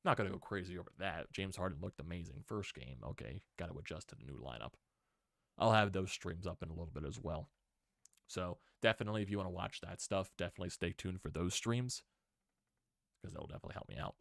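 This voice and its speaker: A man hosting a casual sports recap stream, excitable and given to repeated exclamations. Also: sits low, fast, gravelly, dry recording, clean studio sound.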